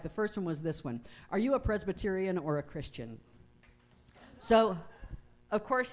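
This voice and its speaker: A woman pastor giving a conversational sermon, reading prayers slowly and reflectively. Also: on the low side, a little mellow. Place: church sanctuary.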